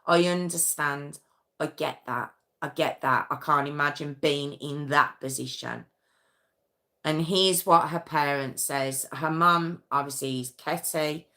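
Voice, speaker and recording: A woman's voice: low voice, measured pace, pushed and bright. A woman hosting a true crime stream, giving indignant, skeptical commentary and reading out court statements with her own asides. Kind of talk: casual opinionated commentary.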